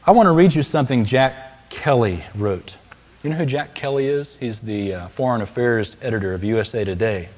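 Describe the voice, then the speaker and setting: A male preacher delivering a sermon in a large church sanctuary, his mid-pitched voice carrying a long hall reverb. He speaks with emphatic rises on key phrases, then settles back into storytelling. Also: moderate pace, a little mellow. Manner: emphatic, building to raised peaks on key phrases.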